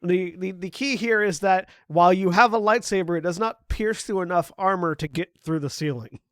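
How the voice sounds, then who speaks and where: A man with a somewhat high voice runs a tabletop role-playing game as game master. He is chatty and breaks into laughs between descriptions. The sound is dry and close. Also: normal speed, fairly bright tone, no room sound.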